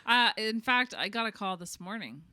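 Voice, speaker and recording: Bright-voiced female podcast co-host. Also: mid-range voice, animated, dry recording, clean studio sound. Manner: curious, quick to laugh and ask questions. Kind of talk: casual podcast chat.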